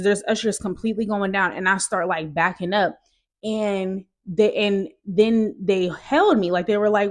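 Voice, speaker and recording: A young woman vlogger with a medium-pitched voice shares a personal testimony, speaking straight to her viewers. Her storytelling is casual and animated.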